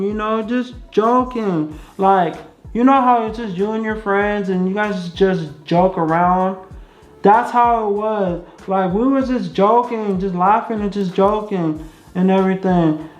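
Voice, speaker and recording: In a mid-range voice and at a slightly slow pace, a young woman vlogs through a casual anecdote, repeating herself and leaning on lots of fillers. Her chatty account plays out in an echoey space with muffled audio and music faintly audible.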